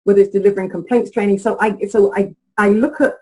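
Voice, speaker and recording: A woman relationship coach as an interview guest, speaking in an animated way with laughs while she tells stories. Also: mid-range voice, fast, breathy edge, low-quality recording. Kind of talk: interview conversation.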